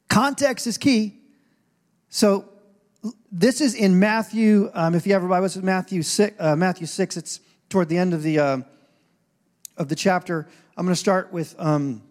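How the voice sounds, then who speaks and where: Male pastor, high voice, casual sermon with humor, big church reverb. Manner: casual, joking, acts out quoted voices. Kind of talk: conversational sermon. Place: church sanctuary. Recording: long hall reverb.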